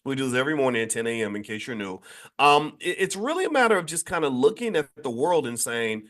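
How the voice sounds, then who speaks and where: A man's voice: medium pitch, sing-song, fast talker, fairly bright tone. Emphatic preachy man hosting a show. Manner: asks listeners to agree. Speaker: host of a daily finance show. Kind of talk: unscripted monologue to an online audience.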